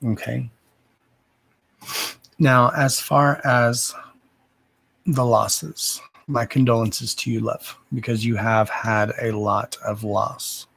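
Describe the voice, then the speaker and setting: A man hosting a live psychic reading, talking slowly and deliberately at a mid-range pitch. He keeps saying "okay" and calls the viewer "darling". His voice sounds dry and close, with no room around it. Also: creaky, a bit bright, no room sound.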